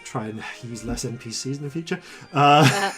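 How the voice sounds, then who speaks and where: A man narrating as dungeon master, halting and full of fillers and self-corrections. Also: medium pitch, expressive, a bit bright, faint music behind. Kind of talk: narrating a tabletop game.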